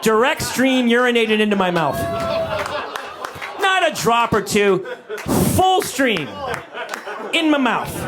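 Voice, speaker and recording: A middle-aged male comedian telling an animated story on a live stage, shouting out the voices of himself and his dog. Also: very high voice, slow pace, pauses often, a loud crowd. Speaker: stand-up comedian. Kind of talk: stand-up comedy set. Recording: live stage recording with audience noise. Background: audience laughter.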